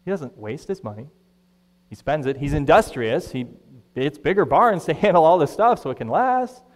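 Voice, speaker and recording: A man preaching a sermon as pastor, conversational and animated, acting out the voices he quotes. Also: a little high, normal speed, long reverb tail.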